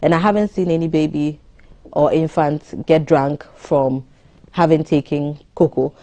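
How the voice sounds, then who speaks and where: A woman, a doctor giving measured advice on a morning TV show. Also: low voice, steady tone, dark tone. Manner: explanatory, measured, advisory. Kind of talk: studio interview on a morning TV show.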